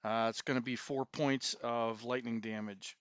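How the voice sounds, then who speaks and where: A man playing a tabletop game, slowly and carefully describing what his character does. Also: medium pitch, fairly even intonation, a bit bright, clean tone, no room sound, highs cut off. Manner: slow, measured describing of his character's actions. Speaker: player.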